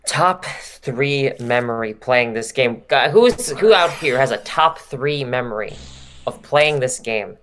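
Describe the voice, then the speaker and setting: An excitable commentator calling a card game match with emphatic hype. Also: mid-range voice, measured pace, slight background noise. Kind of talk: lively play-by-play commentary.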